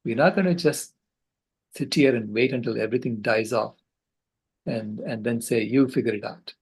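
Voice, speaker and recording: Older guy on a video call, gravelly husky voice, earnest and passionate, keeps restarting sentences. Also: medium pitch, moderate pace, rough recording. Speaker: conference speaker. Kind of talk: storytelling talk.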